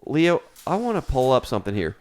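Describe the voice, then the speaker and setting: A young adult man co-hosting a comedy podcast, telling crude stories in a deadpan, profane way. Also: mid-range voice, fairly quick. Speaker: podcast co-host.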